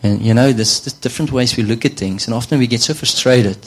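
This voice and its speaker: A man's voice: medium pitch, quick pace, breathy edge, poor audio. A man preaching a sermon in a conversational way, often repeating words and saying "you know".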